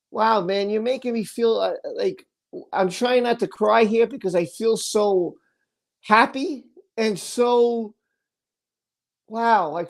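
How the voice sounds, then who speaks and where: A livestream host speaks in a slightly high, darkish-toned voice. She's running a casual stream, gushing thanks at her viewers and stumbling over her words.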